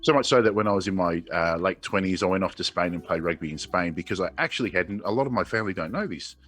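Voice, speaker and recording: A man's voice: low voice, fast, fairly bright tone. A man in his forties with an Australian accent, a guest on a casual radio chat, telling stories and acting out the people he quotes. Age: 40s.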